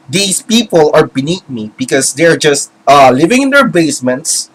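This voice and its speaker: Impassioned man ranting, higher voice. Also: fairly bright tone, low-quality recording. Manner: impassioned, rambling with many fillers and restarts. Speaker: video commentator. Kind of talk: ranting commentary.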